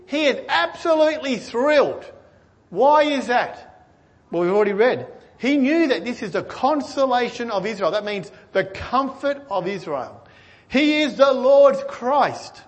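A man preaching a sermon, earnestly asking his listeners questions and swinging between excited and hushed delivery. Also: very high-pitched, a little slow. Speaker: pastor.

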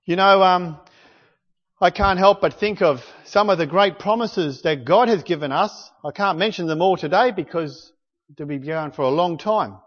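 Man preaching, high-pitched voice, animated delivery, long hall echo, dull lo-fi sound. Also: moderate pace. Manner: animated, rising to near-shouts when quoting praise. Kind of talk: sermon.

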